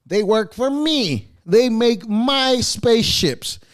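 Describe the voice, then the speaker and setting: An American man hosting a podcast launches into a casual, opinionated monologue that is sarcastic, rambling and profane. His voice is very high, with lively intonation and a slow pace.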